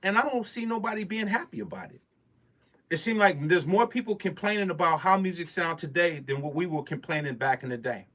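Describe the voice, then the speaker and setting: A man's voice: sits high, brisk, a bit bright. A man, a music producer, speaking in a casual monologue, emphatic and preachy with street slang. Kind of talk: casual talking-head monologue.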